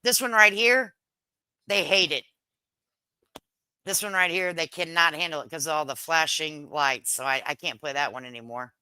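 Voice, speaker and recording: A woman's voice: sits low, moderate pace, long pauses, pushed and bright, clear, resonant tone, no room sound. A middle-aged woman hosting a casual livestream, reading viewer comments in a brash, joking way, swearing lightly and laughing often. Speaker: livestream host.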